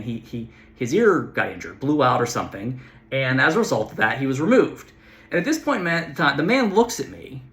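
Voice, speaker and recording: Man telling a story, halting speech. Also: on the high side, bright, forceful tone. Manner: retells conversations, voicing each side; halting, repeats words while thinking. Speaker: podcast host. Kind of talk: casual personal storytelling.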